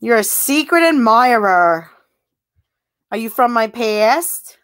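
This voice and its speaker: A woman talking at a slow, easy pace in a high voice, chatting casually with viewers on her livestream. She giggles often and sounds flattered as she answers their comments. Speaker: livestream host.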